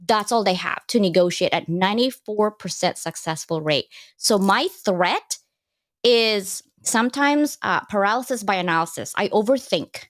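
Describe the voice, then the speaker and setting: Woman guest on a live panel, emphatic and animated, pokes fun at herself. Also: medium pitch, moderate pace. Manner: animated, emphatic, self-deprecating. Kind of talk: casual live panel chat.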